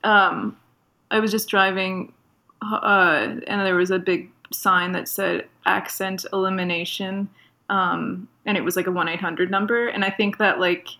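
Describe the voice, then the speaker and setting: A woman's voice: medium pitch, steady tone, a little slow, bright, forceful tone. A woman from Toronto with a Canadian accent, a guest chatting casually and giggly in an interview, with lots of fillers.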